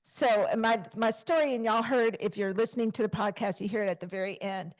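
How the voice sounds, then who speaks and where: A woman, co-hosting a podcast in casual chat and telling stories with lively acted-out exclamations. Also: medium pitch, a little fast. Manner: animated storyteller, acts out quoted exclamations. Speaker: podcast co-host.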